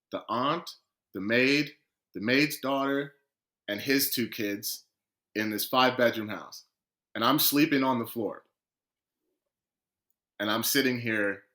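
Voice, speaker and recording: A man speaking as a podcast guest, his voice bright and forward. He tells a long personal story with energy. He slips into quoted dialogue as he goes and acts out each person. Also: medium pitch. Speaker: guest footballer.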